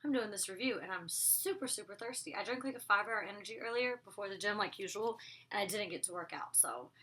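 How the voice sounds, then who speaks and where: A woman's voice: medium pitch, quick pace, pushed and bright. A woman reviewing a TV episode in a casual vlog, rambling and chatty with many asides. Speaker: TV show reviewer.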